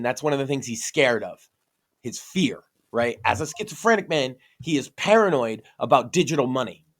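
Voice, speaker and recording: A man's voice: mid-range voice, a bit bright. A man in a casual podcast discussion, talking earnestly and emphatically and swearing freely.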